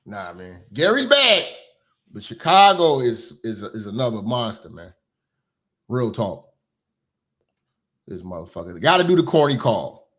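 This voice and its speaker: A man doing profane reaction commentary in an animated, ranting manner. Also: medium pitch, unhurried, pauses often. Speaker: commentary streamer.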